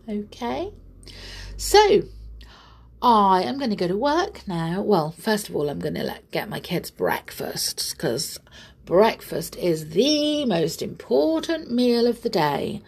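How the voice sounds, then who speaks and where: A woman speaks warmly to young listeners at an unhurried pace. Her pitch rises and falls freely, with a husky, slightly gravelly edge to her voice. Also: sing-song. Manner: slow, lilting, speaks directly to children. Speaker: storyteller reading to children. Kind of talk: gentle chat to young listeners.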